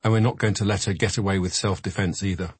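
A man reads a senior male barrister who speaks in firm, decisive terms. The voice is low and husky, recorded dry and close like a studio audiobook. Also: steady tone, fast, no echo. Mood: determined.

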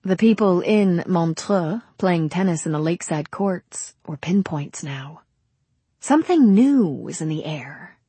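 A woman narrating a novel in a measured, unhurried read. Her voice sits low and slightly husky. The recording is dry and close, with no room sound. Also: expressive, warm tone, no room sound. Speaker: audiobook narrator. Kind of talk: scripted narration.

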